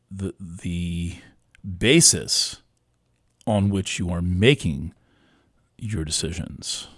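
A male astrologer talks through a reading in a very low voice, stopping and restarting often as he searches for words. The sound is dry and close, with no room echo. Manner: halting, many restarts and fillers.

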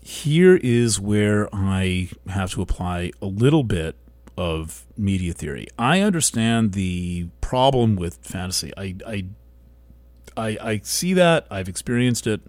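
A man speaking a reflective monologue into a broadcast microphone, soft-spoken and gentle, often halting and restarting his words. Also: fairly low pitch, sing-song, no room sound.

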